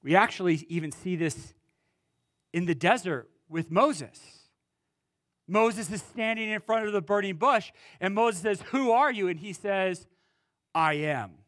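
A man preaching a sermon as pastor, pausing dramatically and swinging between loud emphasis and quiet, low words. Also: no echo, clean studio sound. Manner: preaching with dramatic pauses and wide swings in pitch and loudness.

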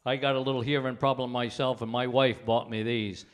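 An older man with a mid-pitched voice chats in a comedy studio. He rambles and stops to restart his sentences. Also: flat delivery. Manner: rambling, halting, many restarts. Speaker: comedian guest. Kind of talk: casual comedy chat. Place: TV studio with live audience.

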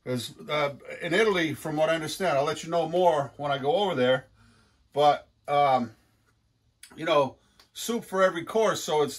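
A man's voice: fairly high pitch, fairly bright tone. An older man hosting a casual cooking demonstration, talking in a rambling, folksy way full of fillers and restarts. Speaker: cooking show host.

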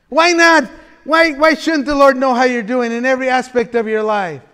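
A man's voice: extremely high pitch, fairly even intonation, a little slow, pushed and bright, smooth. A man preaching a conversational sermon as pastor, chatty and folksy, with frequent laughter and restarts. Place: church sanctuary. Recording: reverberant church hall.

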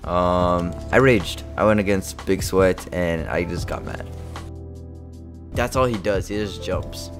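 A young man giving live commentary over his own gameplay, excitable and trash-talking, swinging between muttering and shouting. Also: low voice, slow, over music. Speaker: gaming video creator.

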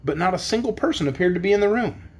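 Breathy, expressive storybook narrator. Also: male voice, high-pitched, quick pace. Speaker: audiobook narrator.

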